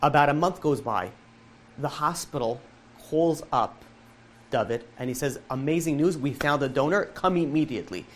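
A man, a rabbi, telling a moving story to a live audience, acting out the dialogue in quick asides. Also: a little high.

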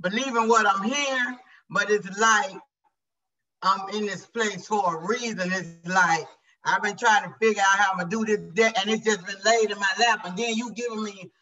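A man's voice: high voice, steady tone, normal speed, bright, forceful tone. A man in an online meeting, close to tears, speaking earnestly in casual slang. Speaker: meeting participant. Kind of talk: casual emotional sharing. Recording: distant from the mic.

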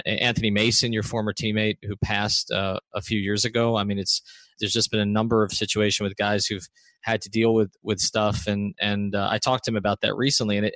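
A man's voice: fairly low pitch, fairly bright tone, dry recording. A man hosting a podcast, setting up background at length before asking his questions in a conversational way. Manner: conversational, thorough, sets up context before asking. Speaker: podcast host.

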